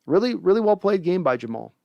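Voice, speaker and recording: A man's voice: high voice, big pitch swings, quick pace, vocal fry, no echo, muffled recording. A young man hosting a casual sports fan show, reading viewer comments and giving opinionated takes with frequent restarts.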